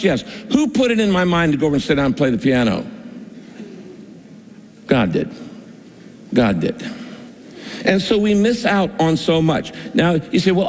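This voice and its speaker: Brief: male pastor, slightly high voice, emphatic storytelling sermon, long hall reverb. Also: darkish tone. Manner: storytelling, emphatic, laughs while preaching.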